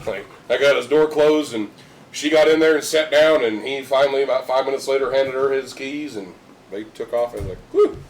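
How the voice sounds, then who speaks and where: A man's voice: medium pitch, fairly quick, poor audio. A man co-hosting a podcast, telling rowdy stories in a profane, laughing, casual way. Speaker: podcast co-host. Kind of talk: casual storytelling chat.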